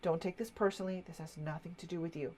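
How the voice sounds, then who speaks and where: A woman voicing a calm, firm elderly male customer who speaks in a measured, lower tone. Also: lightly acted.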